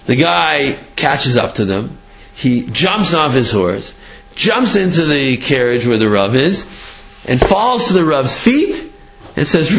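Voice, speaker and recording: A man telling a story to a class in an animated way, with frequent restarts and acted-out quotes. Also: medium pitch, measured pace, gravelly. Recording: muffled lo-fi recording.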